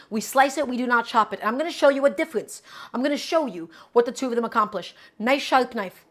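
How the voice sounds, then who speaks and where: Emphatic woman hosting a cooking show. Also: fairly high pitch. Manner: emphatic, repeats instructions, addresses viewers directly. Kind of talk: live cooking demonstration. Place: home kitchen.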